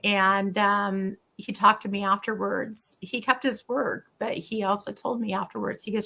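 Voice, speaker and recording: As an interview guest, a middle-aged woman, a doctor who has also been a patient, frankly recounts her own story at normal speed, with hardly any pauses. Her medium-pitched voice has vocal fry, and she tells the story with energy, quoting lines of dialogue.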